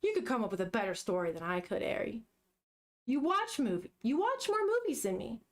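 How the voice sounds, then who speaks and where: A woman reading the lines of an earnest, easily flustered teen boy from a manga, in a lowered voice. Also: very animated, brisk, heavily acted. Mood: unsure.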